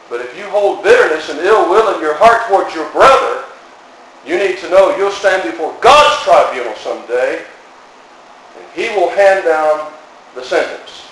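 Male preacher, slightly high voice, earnest and emphatic sermon, recorded from a distance in a very echoey hall. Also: a bit bright. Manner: earnest, emphatic, rising on questions. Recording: echoey hall, distant mic, faint noise.

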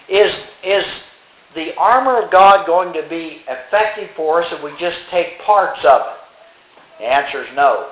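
A man preaches in a plain, conversational way, slowing down to lean on key words when he reads scripture. His voice sits a touch high for a man. The sound is roomy, with the echo of a church sanctuary. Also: animated. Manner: plain-spoken, reads scripture slowly with emphasis. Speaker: pastor. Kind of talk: sermon.

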